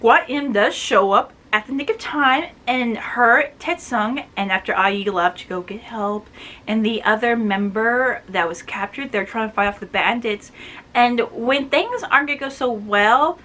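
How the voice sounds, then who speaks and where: Female book vlogger, bright and forward tone, gushing and chatty, leans on "like" a lot. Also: a little high, measured pace. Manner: excitable, gushing, peppered with "like". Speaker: book reviewer. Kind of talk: casual spoiler-filled book review.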